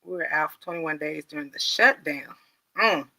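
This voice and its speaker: A woman's voice: sits low, normal speed, bright, forceful tone. A middle-aged woman hosting a casual livestream chat, laughing often and reading out viewer comments. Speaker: livestream host.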